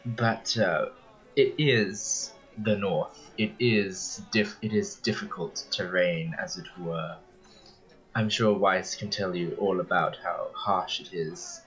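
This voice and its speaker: A man's voice: sits low, a bit bright, poor audio. A man voicing a refined female stage magician who talks in a courtly, formal way and sounds worn out but gracious.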